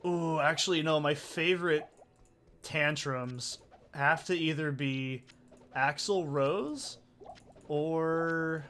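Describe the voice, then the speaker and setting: Rambling, foul-mouthed gaming host. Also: male voice, fairly high pitch, slow, a bit bright, a little hiss or hum. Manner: rambling, profane, chatty. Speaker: let's play host. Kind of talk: casual gameplay commentary.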